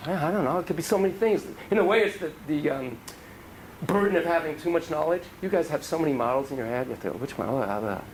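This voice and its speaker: A man's voice: fairly high pitch, slight background noise, rough recording. A man giving a casual, joking lecture on child psychotherapy to a class, acting out dialogue in different voices.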